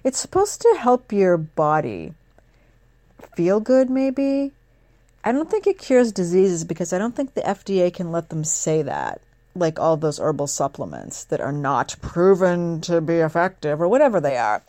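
A woman hosting a casual talk show, rambling and sarcastic with quick asides. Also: lowish voice, sing-song, dark tone, no room sound. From northeastern United States. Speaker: host. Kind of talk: casual chat.

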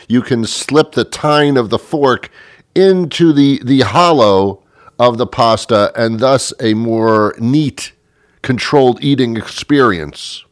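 A man's voice: mid-range voice, no echo, studio quality. A middle-aged man telling a rambling, sarcastic comic story about himself. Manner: sarcastic, self-mocking, lively rambling. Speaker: comedic storyteller. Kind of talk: comedic monologue.

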